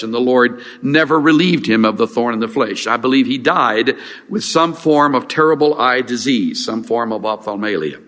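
Older man, pastor, earnest unhurried sermon with restarts, mid-pitched voice, long hall reverb. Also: animated, a bit bright. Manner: earnest, halting with restarts and fillers.

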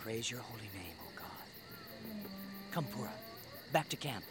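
A man voicing Gideon, an earnest adult Israelite leader who commands his army in an animated Bible story. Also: mid-range voice, measured pace. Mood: earnest, hushed. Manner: earnest, commanding when rallying troops.

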